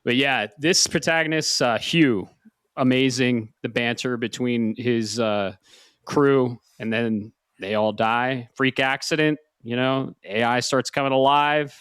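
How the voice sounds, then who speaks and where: A man's voice: medium pitch, fairly even intonation, measured pace, fairly bright tone, clean tone, dry recording, studio quality. A man in his forties, a podcast host, chatting casually and laid-back, swearing often. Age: 40s. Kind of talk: casual chat.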